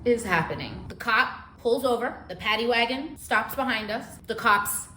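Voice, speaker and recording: A woman in a lively, profanity-laced storytime, swinging between loud outbursts and quick asides. Her voice sits a bit high. The sound is roomy and echoey, with a faint hiss underneath. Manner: animated, profane, fast-shifting storytelling. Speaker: vlogger telling a story. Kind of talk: casual storytime monologue.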